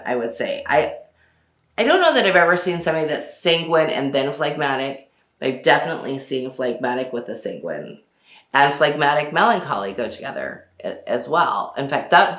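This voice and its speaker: Woman, 40s, host, casual chat, low voice, laughs often, echoey room. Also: a bit bright. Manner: chatty, laughs often, many fillers.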